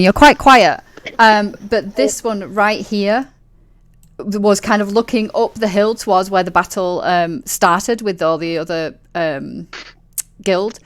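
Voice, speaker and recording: A woman's voice: medium pitch, takes it slowly. A woman narrating as game master of a tabletop game, chatty and playful, with lots of fillers and laughs.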